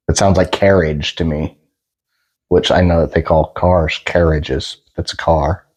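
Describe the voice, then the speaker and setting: A man's voice: low-pitched, measured pace, husky. A man from the Pacific Northwest with a general American accent, chatting casually with many fillers as he reacts to a video. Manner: relaxed, explains at length with many fillers. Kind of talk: casual commentary.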